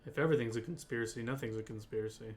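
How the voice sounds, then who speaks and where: A man voicing a bold, boisterous male adventurer who declaims loudly. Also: mid-range voice, rapid-fire, faint music behind, close to an everyday voice. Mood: wry. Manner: declaiming, loud.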